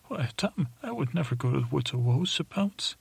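A man's voice: mid-range voice, big pitch swings, moderate pace, gravelly, husky, no room sound, voice pushed up, heavily acted. A man putting on a raised, bewildered voice for himself in a bedtime story, stammering out questions. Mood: puzzled. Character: the narrator's own younger self, puzzled and questioning.

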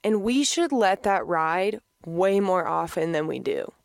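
A woman's voice: on the low side, big pitch swings, measured pace, vocal fry, no echo, studio quality. A woman speaking openly and casually about her feelings, laughing often and swearing freely. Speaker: podcast host sharing a personal story. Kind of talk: candid reflective monologue.

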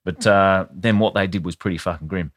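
A man's voice: sits low, steady tone, a little fast. A man with an Australian accent, telling a grim story with sweary, wry asides in a casual podcast chat. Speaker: podcast co-host.

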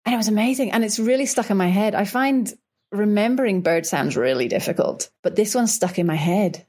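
A woman from Northern Ireland with a Northern Irish accent, a children's book author telling relaxed stories as a guest, enthusiastic, with frequent restarts. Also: medium pitch, fairly quick, breathy edge. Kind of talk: relaxed conversational storytelling.

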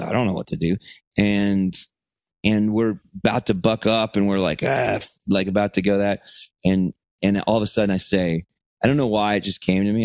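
A man's voice: lowish voice, darkish tone, no room sound. A man from Texas co-hosting a podcast, telling a rambling, profane anecdote and acting out quotes in a casual chat. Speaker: podcast co-host.

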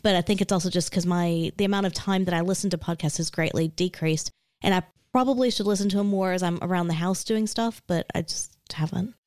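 A woman co-hosting a podcast, chatting casually in a relaxed, hedging way with fillers. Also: on the low side, fast talker, no echo, clean studio sound. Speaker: podcast co-host. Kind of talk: casual chat.

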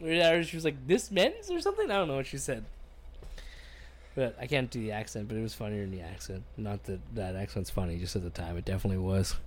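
On a podcast, a man from Canada rambles through a profane travel tale, voicing the people he quotes as part of a casual storytelling chat. He has a mid-range, slightly bright voice, with slight background noise.

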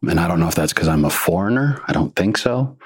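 A male actor chatting as a guest in an interview, telling rambling, animated stories. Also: sits low, fast talker, slightly rough. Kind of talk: casual interview chat.

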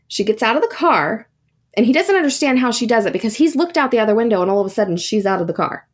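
A woman's voice: on the high side, animated, fast talker. A woman hosting a podcast, telling a ghost story in a casual, chatty way with many fillers and asides. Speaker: podcast host.

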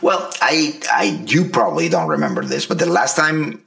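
A man's voice: medium pitch, wildly swooping pitch, moderate pace, vocal fry, fairly bright tone. A man in his thirties co-hosting a podcast, telling stories in a rambling, profane, casual way full of restarts. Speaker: podcast co-host. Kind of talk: casual chat.

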